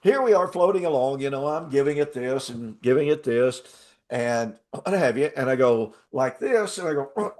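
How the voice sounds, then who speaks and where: An older man hosting a talk show, telling a travel story in a casual, animated way and laughing often. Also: mid-range voice, moderate pace. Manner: animated, laughs often, acts out quoted voices. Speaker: show host.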